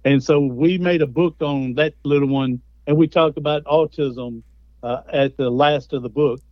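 A man's voice: fairly high pitch, moderate pace, no echo, highs cut off. A man, a guest speaker and author telling stories in a folksy, conversational way. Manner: folksy storytelling. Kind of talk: conversational interview.

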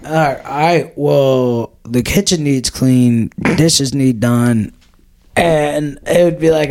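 A man's voice: a little high, slow pace, darkish tone. Crude, laughing young man telling a story. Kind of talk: casual storytelling.

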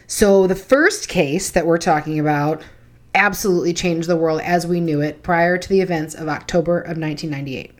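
Woman, low voice, blunt and profane, casual podcast storytelling. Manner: blunt, swears freely, self-deprecating. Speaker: true crime podcast co-host.

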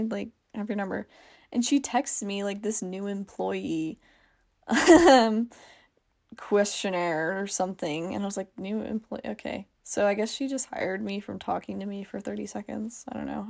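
Chatty teenage girl with vocal fry. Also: medium pitch, mellow. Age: teens. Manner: chatty, full of "like" and self-corrections. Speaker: podcast host. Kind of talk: casual chat.

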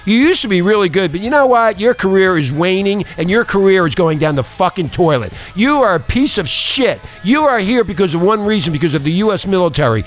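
A talk radio host, a man, ranting in a fairly high voice that swings widely up and down. He talks combatively, cursing often and sneering with mocking sarcasm. A faint bed of music sits under his voice. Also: very animated, normal speed, fairly bright tone. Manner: angry, profane, combative ranting.

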